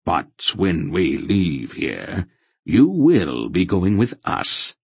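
A firm, commanding old sorcerer who brooks no argument, played by a man reading an audiobook. His voice is deep and slow, with a husky edge. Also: wildly swooping pitch, no echo, exaggerated voice. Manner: firm, brusque. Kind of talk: audiobook character voice.

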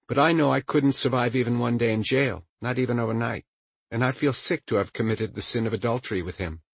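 Audiobook: male narrator doing a furious young woman, higher-pitched, husky, sugary-fake. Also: a little fast, no room sound. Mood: falsely sweet. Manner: speaks through clenched teeth, then falsely sweet. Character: bitter young woman, furious at her ex-lover.

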